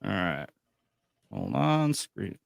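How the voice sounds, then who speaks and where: A man's voice: fairly low pitch, slow pace, creaky, no room sound, studio quality. A man hosting a casual online talk show, joking and cursing freely with his co-hosts. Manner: animated, profane, jokey. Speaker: podcast host. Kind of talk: casual chat.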